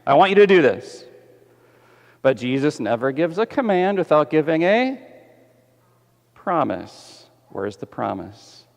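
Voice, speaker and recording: A fairly high-voiced man preaches to his congregation, lively and full of questions for the kids. His voice rings with a long reverb through a large church sanctuary. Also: measured pace, gravelly, pauses often. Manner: animated, asks the congregation questions. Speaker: pastor. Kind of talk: sermon. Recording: echoey church hall.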